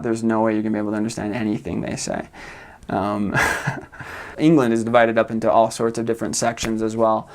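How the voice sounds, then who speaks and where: A man's voice: mid-range voice, clean tone. A young American man in his twenties, a returned missionary, giving a casual informational talk with lots of fillers and frequent chuckles. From United States. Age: 20s. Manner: relaxed, many fillers, chuckles often.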